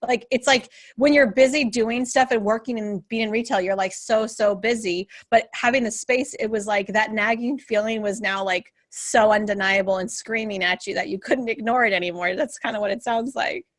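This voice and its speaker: Woman host, coaching tone, recaps guest's story, a bit high. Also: steady tone, normal speed, few pauses. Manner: reflective, sums up the guest's story back to her. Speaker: podcast host, business coach. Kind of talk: interview conversation.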